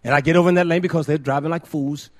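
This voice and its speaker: High-voiced older male preacher, emphatic. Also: fairly even intonation, very fast. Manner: swings from quiet storytelling to loud, emphatic preaching with repetition. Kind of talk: sermon.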